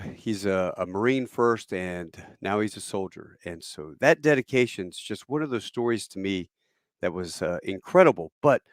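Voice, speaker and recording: A man's voice: on the low side, no room sound, studio quality. A man casually retelling an anecdote, acting out the quoted voices of the people in it. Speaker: storyteller. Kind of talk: spoken anecdote.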